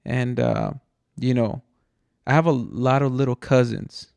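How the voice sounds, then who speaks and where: A man's voice: mid-range voice, very animated, unhurried, vocal fry, a little mellow, dry recording. A man from Mexico, a podcast host, telling a rambling story in casual chat, swearing and saying "dude" a lot. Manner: rambling and profane, says "dude" often.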